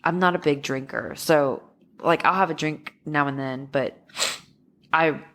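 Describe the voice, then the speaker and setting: A woman's voice: deep voice, a little slow, fairly bright tone. A woman co-hosting a podcast in casual chat, nasal from a stuffy nose, rambling with fillers and restarts. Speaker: podcast co-host.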